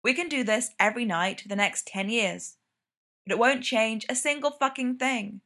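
Woman voicing a curt, foul-mouthed young man, bright and sharp-edged in a spoken storybook. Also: on the high side, moderate pace. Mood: blunt. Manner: curt, swearing, exasperated. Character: blunt, exasperated young man, sweary and impatient.

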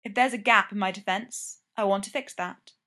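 A woman reading the lines of a cool, commanding female spy, calm and clipped. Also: medium pitch, normal speed.

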